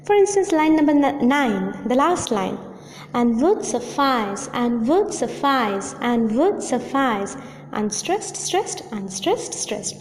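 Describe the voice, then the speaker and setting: A woman teacher giving a recorded audio lecture, explaining slowly and repeating key points for emphasis. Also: high voice, a little mellow, slight background noise. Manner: slow, repetitive, emphatic explaining. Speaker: English teacher. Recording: echoey, reverberant room.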